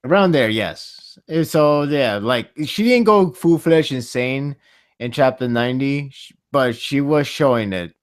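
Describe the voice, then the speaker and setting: A man's voice: medium pitch, a little slow, no echo. Rambling man on a dry-mic podcast. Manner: rambling, animated, laughs often. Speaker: podcast host. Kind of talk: casual podcast chat.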